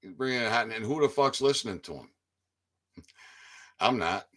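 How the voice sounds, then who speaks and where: A man's voice: mid-range voice, lively intonation, moderate pace, a bit bright. A man giving a rambling casual monologue to his viewers, stammering over repeated words and swearing freely. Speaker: independent online commentator.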